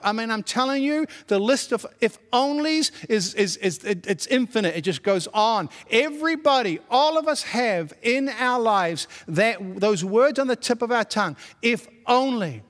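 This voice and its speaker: A male pastor preaching with a fairly high voice. He builds his points in repeated declarations and reads scripture aloud between them. The sound carries a long hall reverb. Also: lively intonation, moderate pace, few pauses, fairly bright tone. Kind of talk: sermon.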